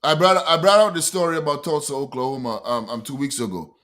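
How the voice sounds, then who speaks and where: Man, slightly high voice, preachy co-host. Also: fast, fairly bright tone. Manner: preachy, emphatic. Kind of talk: casual podcast chat.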